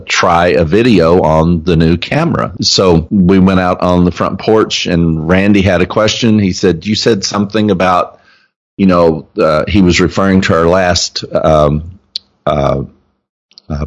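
A man hosting a religious podcast, talking in a halting, casual way with many ums and uhs as he explains things. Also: low voice, highs cut off. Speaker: podcast host and teacher. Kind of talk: casual chat.

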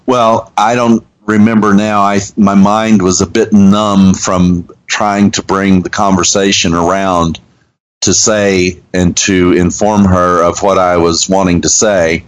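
Man, radio host, deep voice, unhurried, earnest storytelling. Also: little pitch movement, clear, resonant tone, low-quality recording. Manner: earnest, halting with restarts. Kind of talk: conversational storytelling.

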